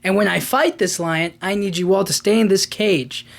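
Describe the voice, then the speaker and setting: A man doing a stern, protective father. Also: creaky. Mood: determined. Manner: slow, emphatic, raised pitch.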